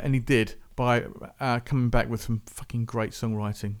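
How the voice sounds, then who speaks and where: A man's voice: medium pitch, fairly even intonation, moderate pace, smooth. A man hosting a music podcast, chatting casually and rambling. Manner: rambling, chatty, self-interrupting. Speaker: podcast host.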